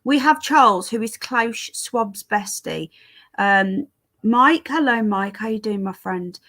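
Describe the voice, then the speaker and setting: A woman's voice: fairly high pitch, lively intonation, takes it slowly, a bit bright. An English woman chatting casually on a live stream, greeting viewers by name while fiddling with her stream settings. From England.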